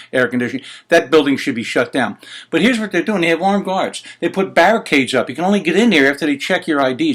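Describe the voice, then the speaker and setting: A man hosting his own opinion show, ranting in an indignant, exasperated way with swearing and rhetorical questions. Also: mid-range voice. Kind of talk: heated opinion commentary.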